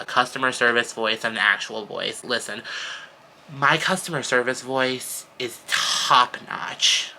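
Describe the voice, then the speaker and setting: An eighteen-year-old man venting to camera in a casual vlog, animated and exasperated, with sudden leaps up in pitch. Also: slight background noise, rough recording. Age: teens. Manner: animated, exasperated storytelling with big pitch jumps. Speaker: vlogger.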